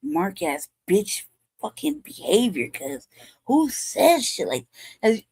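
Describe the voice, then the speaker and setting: A woman's voice: mid-range voice, very animated, slow, a little mellow, breathy edge, dry recording. A woman in her forties co-hosting, reacting with blunt, profane outrage in heated commentary. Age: 40s. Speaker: co-host.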